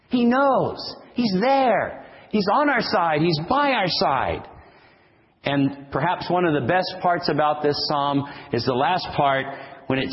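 A man preaching a sermon as pastor, moving between loud, rising calls and quiet, slow passages. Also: in a large hall, dull audio. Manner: dynamic preacher, swings from booming to hushed.

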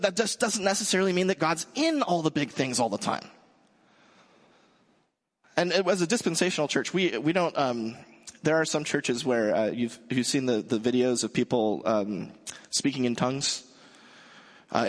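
A man preaching a sermon in a relaxed, conversational way, joking with his congregation. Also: fairly high pitch, normal speed, in a large hall. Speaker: pastor.

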